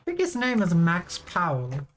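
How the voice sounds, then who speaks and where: A woman's voice: on the low side, wildly swooping pitch, unhurried. A woman streamer from Sweden in casual livestream chat with her viewers, rambling, giggling and swearing freely.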